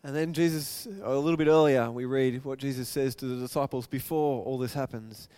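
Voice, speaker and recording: A man preaching a sermon, retelling scripture and acting out the quoted lines, swinging from loud and excited to hushed and soft. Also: mid-range voice, a little fast, clean tone.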